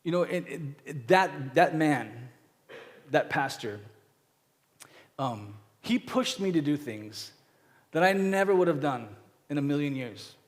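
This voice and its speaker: A man's voice: a little high, animated, slow, long pauses. A man in his thirties preaching a conversational sermon, rambling through personal stories with many fillers and acted-out quotes. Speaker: pastor. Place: church sanctuary. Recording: church hall reverb.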